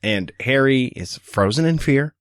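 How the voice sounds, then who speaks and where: A man co-hosting a casual podcast about a book, talking in a lively, profane way and acting out quotes. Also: mid-range voice, a little slow, smooth, dry recording, clean studio sound. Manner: animated, profane, acts out quotes. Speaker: podcast co-host. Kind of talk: casual book-discussion chat.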